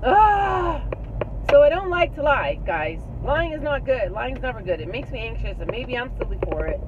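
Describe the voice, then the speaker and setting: A middle-aged woman telling a personal story in a casual vlog, candid and chatty, with many ums and restarts. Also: fairly high pitch. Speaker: vlogger. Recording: tinny phone-like audio with clear road noise.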